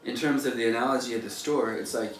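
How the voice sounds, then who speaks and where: Speaking fast in a mid-range voice, a male painter offers loose, rambling motivation peppered with "like" and "you know." The mic sits far off in an echoey room, and faint noise can be heard.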